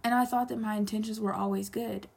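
A husky young woman with a dark, gravelly tone and a flat, even pitch talks straight to camera in a confessional monologue. She is earnest and pleading, repeats her points for emphasis, and sometimes sinks to a whisper. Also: quick pace. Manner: drops to a whisper at times.

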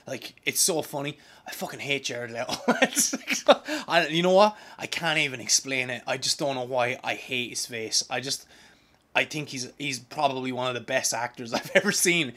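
A young man from Ireland hosting a podcast, talking in an excitable, profane, rambling way with many restarts. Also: medium pitch, moderate pace. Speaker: podcast host. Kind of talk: casual podcast monologue.

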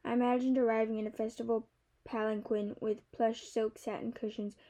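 Mellow young woman narrating a novel. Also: fairly high pitch. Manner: measured, softly expressive storytelling. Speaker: audiobook narrator. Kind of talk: first-person novel narration.

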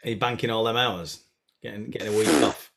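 A man's voice: fairly low pitch, fairly even intonation, quick pace, gravelly, noisy background. A man who teases and laughs a lot in a casual video call chat.

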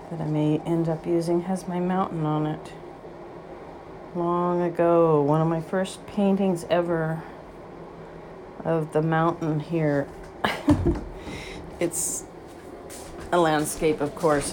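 A middle-aged woman painter talking casually to herself as she sets up, rambling and halting with many fillers, sometimes dropping to a soft whisper. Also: deep voice, noisy background. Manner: drops to a soft whisper now and then. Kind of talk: casual spoken vlog while setting up to paint.

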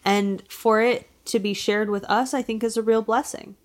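A woman's voice: on the high side, steady tone, normal speed. A woman co-hosting a podcast, chatting casually and joking in playful banter. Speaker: podcast co-host. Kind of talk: casual chat.

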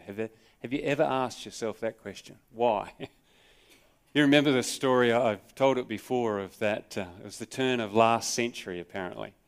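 Smooth-voiced Australian pastor preaching. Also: male voice, medium pitch. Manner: conversational, with rhetorical questions and dramatic storytelling. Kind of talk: sermon. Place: church service, recorded live.

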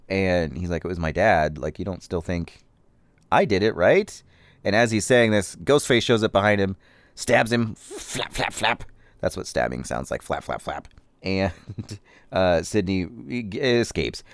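A man's voice: low voice, smooth, no room sound. Chatty jokey man recapping a film. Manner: chatty, jokey, animated impressions. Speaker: podcast host. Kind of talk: casual movie recap.

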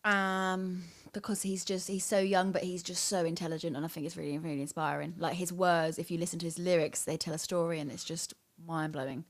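A woman's voice: fairly low pitch, flat delivery, a little fast, hardly any pauses. A young English woman hosting a podcast, chatting casually, giggly and self-deprecating. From England. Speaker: podcast host and radio presenter. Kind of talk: casual chat.

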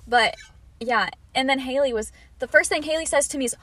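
A young woman co-host spins a long story in casual chat, talking fast in a slightly high voice. She fills it with "like" and plays out each quoted line as she goes. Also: fairly bright tone. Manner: storytelling, quoting others with many "like"s. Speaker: podcast co-host.

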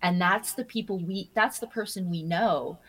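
A woman being interviewed, telling stories in an animated way, often laughing and repeating her first words as she starts a thought. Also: medium pitch, moderate pace, rough recording. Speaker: interview guest. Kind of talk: casual interview conversation.

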